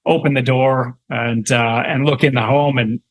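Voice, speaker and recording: A man's voice: medium pitch, steady tone, moderate pace, low-quality recording. A Canadian man in his thirties, a guest on an interview show, telling a story casually with many fillers and restarts. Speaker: guest real estate investor.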